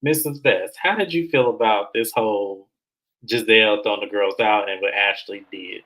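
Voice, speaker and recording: A man's voice: normal speed, poor audio. Chatty male reality TV recapper. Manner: animated, mimics the cast in high voices. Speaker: host.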